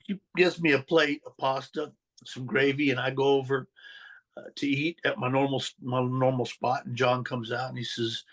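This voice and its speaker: A man's voice: medium pitch, normal speed. A man as an interview guest, telling his past as a story and acting out the dialogue. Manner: animated, acts out quoted dialogue. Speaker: interview guest, former mob associate.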